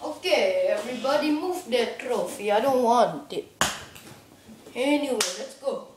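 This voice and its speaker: A woman's voice: a little high, animated, unhurried, slight background noise. A woman casually introducing her own video in a playful, chatty way. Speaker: video maker. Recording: echoey room, far from mic.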